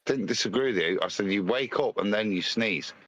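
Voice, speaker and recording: A man's voice: lowish voice, fairly quick, a bit bright, dry recording, lo-fi sound. A man co-hosting a casual live stream, speaking in a dry, sarcastic and stubborn way. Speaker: co-host.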